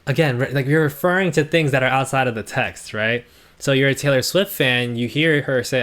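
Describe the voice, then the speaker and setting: A man's voice: medium pitch, moderate pace, fairly bright tone. Sarcastic man picking lyrics apart. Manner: sarcastic, critical, thinking aloud. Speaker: streamer reviewing song lyrics. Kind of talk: casual commentary, reading lyrics aloud.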